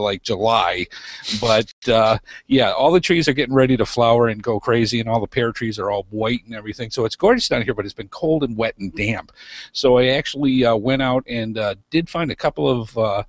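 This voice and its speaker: A man's voice: mid-range voice, no room sound. Congested man chatting casually on a podcast. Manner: relaxed and rambling, with many fillers. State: congested, nasal. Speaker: podcast co-host.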